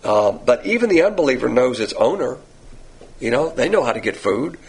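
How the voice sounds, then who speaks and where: A man teaching a verse-by-verse sermon, asking rhetorical questions and pushing his pitch up for emphasis. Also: very animated, moderate pace, husky, poor audio. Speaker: Bible teacher.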